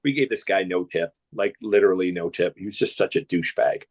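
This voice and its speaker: Talking fairly quickly in a low voice, a Canadian podcast guest shares meandering stories in a casual chat. He frequently starts over and breaks into laughter.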